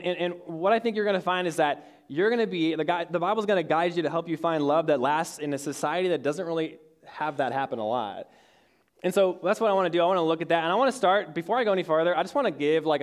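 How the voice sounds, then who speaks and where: A man's voice: on the high side, fast. A young man in his twenties giving a casual sermon to young adults, telling a story with lots of fillers and restarts. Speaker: youth speaker. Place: church hall with audience.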